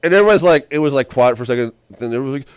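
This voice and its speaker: A man talking in a rambling, excitable monologue, repeating and restarting his phrases and now and then bursting into loud yells. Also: mid-range voice, racing, clear, resonant tone, dry recording. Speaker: video host.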